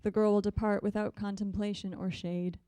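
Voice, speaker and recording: A woman poet reading her poems in a measured, deliberate way, with soft, hesitant asides between them. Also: medium pitch, flat delivery, clean tone, no room sound. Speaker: visiting poet. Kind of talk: poetry reading.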